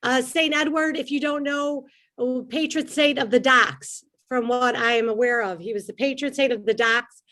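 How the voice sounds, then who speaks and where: A woman's voice: high-pitched, moderate pace, sharp tone. A middle-aged woman from the South Side of Chicago with a Chicago accent, doing an upbeat, self-deprecating stand-up comedy set.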